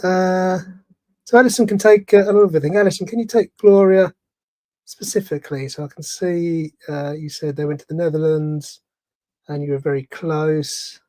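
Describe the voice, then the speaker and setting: A man's voice: on the high side, fairly even intonation, moderate pace, dark tone, no room sound. A man helping at an online church service, who reads viewer comments and hesitantly puts questions to them. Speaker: co-host reading viewer comments.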